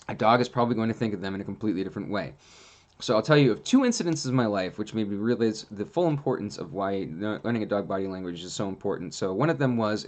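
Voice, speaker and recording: A man hosting a casual monologue, telling rambling, animated stories with plenty of fillers. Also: medium pitch. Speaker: host.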